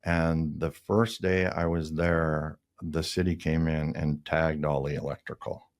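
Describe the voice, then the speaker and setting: A man's voice: extremely low pitch, level tone, a little slow. A man in his sixties from the Minneapolis area, a designer guest telling rambling anecdotes in a casual interview. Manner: rambling anecdotes with laughs and mimicked voices.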